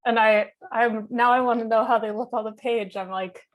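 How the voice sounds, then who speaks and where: A woman's voice: a little high, steady tone, moderate pace. A woman hosting a reading event, introducing writers in a chatty way with many filler ums. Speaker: event host introducing readers.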